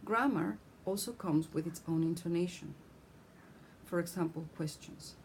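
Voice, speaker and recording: A woman with a fairly low, mellow voice explains her lesson clearly and steadily, stopping to speak example sentences. A faint hum runs under the recording. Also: moderate pace, poor audio. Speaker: teacher. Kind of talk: scripted lesson on speech.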